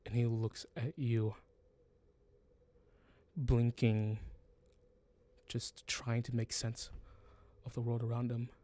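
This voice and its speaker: A man running a tabletop game as game master, narrating in a halting, hesitant way. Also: medium pitch, flat delivery, mellow.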